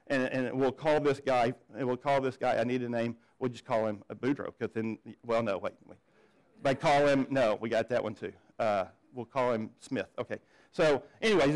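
A man's voice: on the high side, rough recording. A man preaching a sermon as pastor, conversational, often repeating words as he starts a sentence and asking the congregation questions. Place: church.

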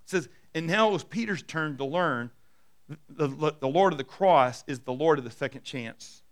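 A middle-aged male pastor preaching a sermon and telling stories, dropping soft and low for quoted lines. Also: lively intonation, normal speed.

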